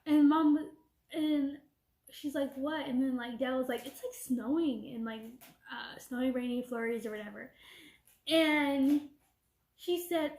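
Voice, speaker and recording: A young woman rants through a casual storytime, replaying a conversation line by line. Her voice sits high and bright in pitch, and the room rings around her with a noticeable echo. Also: unhurried. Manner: animated retelling with quoted back-and-forth. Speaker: vlogger. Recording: echoey room.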